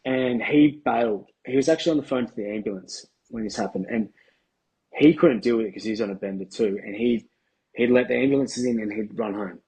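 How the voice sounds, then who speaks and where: An Australian man in his thirties, a guest telling his story bluntly in slangy, halting speech with plenty of ums. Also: medium pitch, darkish tone, slightly rough, rough recording. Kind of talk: candid interview storytelling.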